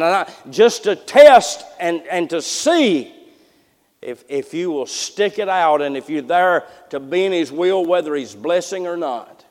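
High-voiced preacher in a reverberant church. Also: male voice, a little slow. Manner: folksy, repetitive restarts, swings from hushed to loud. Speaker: pastor. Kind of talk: sermon. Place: church sanctuary. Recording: long hall reverb.

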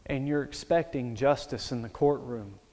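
A male preacher delivering a sermon as a dramatic story, swinging from hushed to loud. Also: mid-range voice, normal speed. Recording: echoey hall.

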